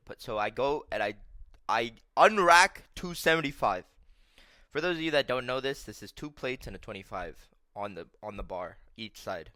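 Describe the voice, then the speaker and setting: A young man telling stories on his vlog in a casual, profane, animated rant. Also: medium pitch, normal speed, no echo. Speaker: vlogger.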